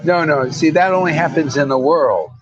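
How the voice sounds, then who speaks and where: A man's voice: on the high side, normal speed, muffled recording, soft background music. A man giving an informal devotional talk as a spiritual teacher, blunt, preachy and full of slang.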